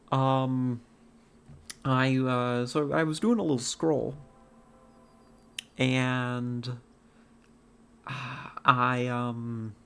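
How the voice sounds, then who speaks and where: A woman's voice: rumbling low, flat delivery, very slow, long pauses, smooth. A woman streamer chatting casually with her chat while playing a hunting game, rambling with many fillers and restarts.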